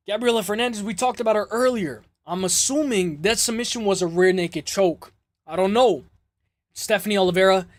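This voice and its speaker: A man with a rather high voice hosts a live fight stream in a loose, casual way. He swears freely and chats straight back to his viewers. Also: no room sound. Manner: loose, swearing, reads chat aloud. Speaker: host of a live MMA stream.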